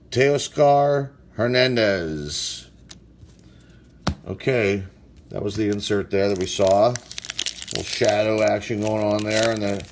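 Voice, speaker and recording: A man opening packs of baseball cards, casually reading out player names and sometimes stumbling over hard ones. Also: mid-range voice. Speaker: sports card collector opening packs. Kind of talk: casual card-break commentary.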